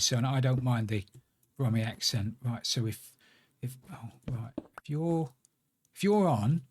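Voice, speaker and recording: A man's voice: mid-range voice, a little mellow. A man streaming a building game, muttering to himself as he works and chatting in asides. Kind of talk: casual live-stream chat while playing.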